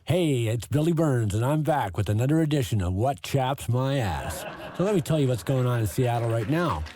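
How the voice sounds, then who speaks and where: A man's voice: medium pitch, animated, normal speed, noisy background. A man ranting as a podcast host in a profane, sneering, abrasive comedic style.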